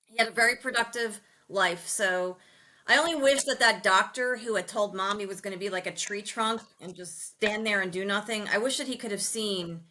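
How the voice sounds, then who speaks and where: A woman hosting a podcast, sharing memories in a lively, emotional way and laughing often. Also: mid-range voice, moderate pace. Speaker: podcast host. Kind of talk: casual chat.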